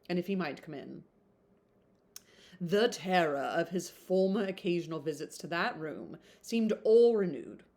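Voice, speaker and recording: Woman reading a novel aloud, slightly low. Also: a little mellow. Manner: chatty, laughs often, breaks off to comment. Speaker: book reader.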